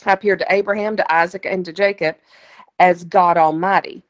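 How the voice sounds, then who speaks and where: A woman's voice: fairly low pitch, steady tone, brisk, lo-fi sound. A woman teaching a Bible study, reading scripture aloud and explaining it in a plain, conversational way with asides to her listeners.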